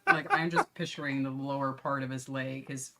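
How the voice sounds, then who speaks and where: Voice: medium pitch, fairly even intonation, moderate pace, background noise. A co-host in a casual chat who jokes by building gory, absurd pictures. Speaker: watch party co-host.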